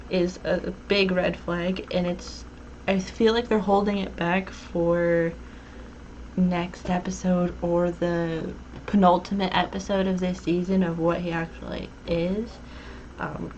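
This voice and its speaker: A woman with a fairly low voice talks through a TV episode in casual conversation. She is thoughtful and leans on ums as she works out her points. The sound is dull and lo-fi, with faint noise behind her. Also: little pitch movement, darkish tone. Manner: thoughtful, frequent filler "um", quick agreeing murmurs. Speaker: podcast host. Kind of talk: casual chat.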